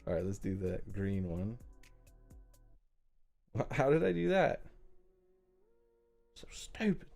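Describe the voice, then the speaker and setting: A man's voice: deep voice, very animated, unhurried, vocal fry, a little mellow, faint music behind. A man hosting a live stream, chatting casually with viewers while he works. He jokes a lot and mocks his own mistakes. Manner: self-deprecating and joking, talks to chat while working. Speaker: livestream host. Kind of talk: casual live build commentary.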